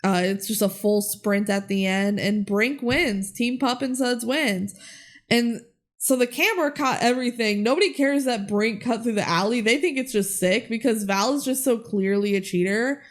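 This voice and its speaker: A young woman co-hosts a casual podcast and walks through movie scenes in an animated, storytelling way. She slips in quoted lines and keeps the chat loose and conversational. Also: on the high side, normal speed. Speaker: podcast co-host.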